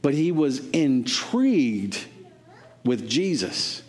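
Slow, earnest preaching man. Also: medium pitch, a little mellow. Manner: earnest, exhorting, repeats phrases for emphasis. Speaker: pastor. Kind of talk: sermon.

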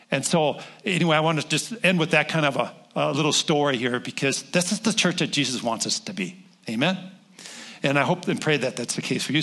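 Older male guest preacher, husky voice, chatty and rambling, tells stories from the pulpit. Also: on the high side, fairly bright tone. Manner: rambling, self-interrupting, folksy. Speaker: guest pastor. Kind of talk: conversational sermon with storytelling.

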